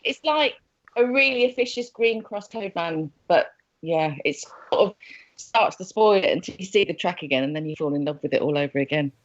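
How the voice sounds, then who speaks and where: A woman presenter telling lively, teasing stories in a casual chat with friends. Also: on the low side, brisk. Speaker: TV presenter and guest. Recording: dull lo-fi podcast audio.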